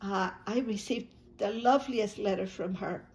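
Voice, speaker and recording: A woman hosting her own YouTube channel speaks to viewers in a mid-range, darkish voice at a moderate pace. Casual and emotional, she thanks them repeatedly, restarting often and repeating words.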